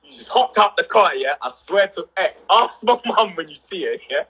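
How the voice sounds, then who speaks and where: A young man, telling a story on a casual livestream with rising excitement and shouts. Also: sits high, moderate pace, breathy edge, low-quality recording. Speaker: livestream co-host.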